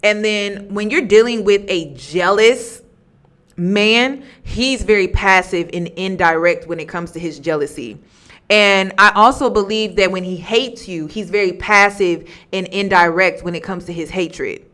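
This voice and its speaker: A woman's voice: medium pitch, measured pace, a bit bright. A woman vlogger giving casual commentary, candid and emphatic, repeating her points.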